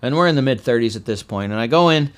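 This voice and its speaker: A veteran man tells his own life story as personal spoken testimony, in a conversational way with dry, deadpan humor. At times he's loud and animated, at other times quiet and heavy, and he speaks fast at medium pitch.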